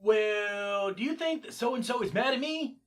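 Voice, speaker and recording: A man's voice: high-pitched, lively intonation, a little slow. A man voicing a carefree, boastful young male inmate while retelling a film scene. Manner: eager, boastful, happy-go-lucky.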